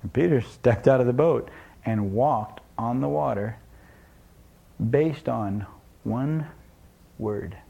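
A man's voice: medium pitch, slow pace, gravelly, pauses often, dark tone, husky. A man preaching a sermon as pastor, in a conversational way, asking the congregation rhetorical questions and acting out little scenes.

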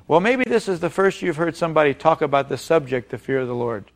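Pastor guy preaching hard, slightly high voice, keeps asking the crowd stuff. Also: sing-song, fast, few pauses. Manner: emphatic preaching with call-and-response questions; reads scripture aloud, then explains it plainly. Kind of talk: sermon.

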